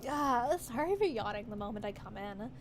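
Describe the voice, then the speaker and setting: A woman's voice: fairly high pitch, lively intonation, moderate pace, soft background music, voice pushed down, natural voice. A woman voicing a sleepy, worn-out young woman customer who talks drowsily between yawns. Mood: drowsy. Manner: drowsy, yawning, sluggish.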